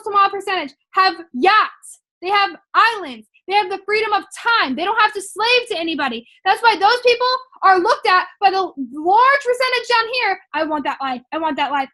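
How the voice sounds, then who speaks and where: A woman's voice: extremely high pitch, bright, forceful tone. A young woman, talking through motivational sales-training notes in a casual vlog, chatty and emphatic with lots of "like" and "um". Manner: chatty and emphatic, heavy use of "like" and "um".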